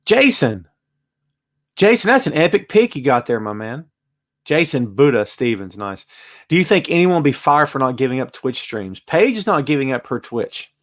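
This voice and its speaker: A man hosts a casual live-stream chat and reads viewer comments aloud. His voice swings widely in pitch and loudness, and he hits his points hard in a conversational way. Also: sing-song, normal speed. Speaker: host.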